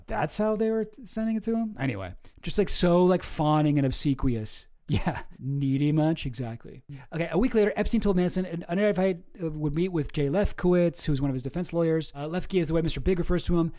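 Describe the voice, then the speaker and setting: Rambling high-voiced man, casual commentary. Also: mellow. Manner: rambling, profane, self-interrupting. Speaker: channel host.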